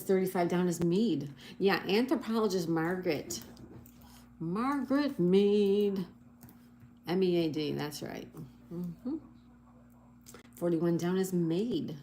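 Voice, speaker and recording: A woman's voice: mid-range voice, warm tone, slight background noise. A middle-aged woman hosting a casual livestream, reading out viewer comments and spelling crossword answers letter by letter in a cheerful, chatty way. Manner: apologetic over slips. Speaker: livestream host.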